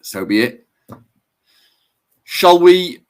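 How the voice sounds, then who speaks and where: A man's voice: high voice, very animated, drawn-out words. A British man co-hosting a podcast, chatting casually with a wry, self-mocking manner. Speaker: podcast co-host. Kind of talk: casual chat.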